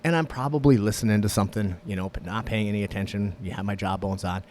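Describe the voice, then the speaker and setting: A man co-hosting a podcast, telling stories in casual, profane, animated chat. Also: on the low side, fast, slight background noise. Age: young adult. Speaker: podcast co-host.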